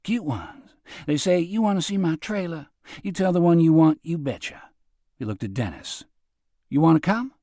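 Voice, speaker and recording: A man's voice: a little high, expressive, moderate pace, mellow, no room sound, clean studio sound. A man reading a crime novel aloud, narrating and voicing the dialogue with slight shifts between characters. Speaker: audiobook narrator. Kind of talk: scripted narration.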